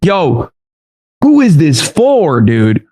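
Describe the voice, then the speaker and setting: A male streamer reacting live, mocking and loud, repeating himself. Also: on the high side, wildly swooping pitch, extremely slow.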